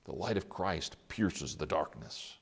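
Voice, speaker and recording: Male pastor, deep voice, sermon delivery with pointed questions and long pauses. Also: expressive, creaky, slightly rough. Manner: dramatic pauses, rhetorical questions. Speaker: preacher.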